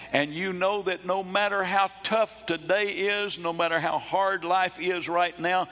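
Emphatic preacher in a reverberant hall. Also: male voice, on the high side. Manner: emphatic preaching, repeats phrases, bursts into shouts. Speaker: pastor. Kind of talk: sermon. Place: church.

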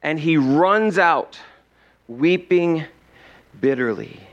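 A man as pastor, preaching a sermon in a slow, earnest storytelling way with dramatic pauses. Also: on the high side, animated, highs cut off.

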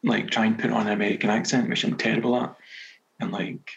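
A Scottish novelist speaks as an interview guest, his voice gravelly with fry. He tells his stories loosely and pokes fun at himself. The recording sounds dull and lo-fi. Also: on the low side, fast talker. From Scotland. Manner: relaxed, self-deprecating storytelling. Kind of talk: casual interview chat.

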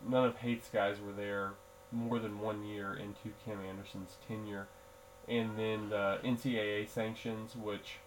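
A man's voice: on the low side, a little hiss or hum, rough recording. A man hosting a solo sports podcast, talking casually in a groggy early-morning voice, rambling with fillers and restarts. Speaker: podcast host.

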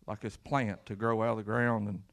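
A man's voice: fairly low pitch, little pitch movement, moderate pace, vocal fry, a bit bright. A man preaching a sermon as pastor, folksy and emphatic, with repeated words and call-outs to the congregation. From Kentucky.

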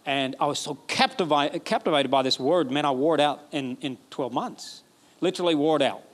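A man from Alabama, preaching a sermon emphatically, repeating phrases and building to excited peaks. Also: on the high side, a little fast. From Alabama, USA. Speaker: pastor.

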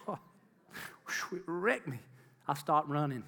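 A man's voice: fairly high pitch, lively intonation, unhurried, fairly bright tone, big-room sound. A middle-aged man giving an earnest testimony sermon to a congregation, repeating phrases for emphasis and calling out to the crowd. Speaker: lay preacher.

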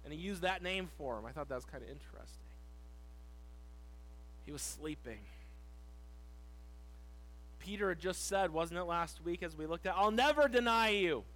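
Male pastor, middle-aged, animated sermon delivery, slightly high voice, faint hum. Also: rough recording. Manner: animated preaching, leaning on key words and slowing on scripture.

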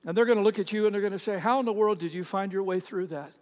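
High-voiced man preaching in a reverberant hall. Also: very fast, darkish tone. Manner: conversational, acts out quotes in character voices. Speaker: pastor. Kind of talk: sermon.

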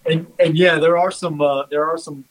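Man with a slightly high voice recounting anecdotes. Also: steady tone, poor audio. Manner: halting, many fillers and restarts while recounting anecdotes. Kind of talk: casual sports chat.

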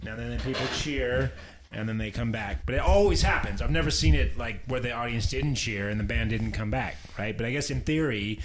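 A young man co-hosts a podcast in loose, casual chat. He rambles, restarts his thoughts and peppers them with "you know what I mean." His voice sits at an ordinary middle pitch. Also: fairly quick, noisy background. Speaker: podcast co-host.

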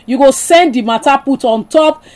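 A woman hosts a radio phone-in in Nigerian Pidgin. Her voice sits somewhat high, and she keeps the conversation going in a chatty, encouraging way. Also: normal speed, darkish tone. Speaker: radio host.

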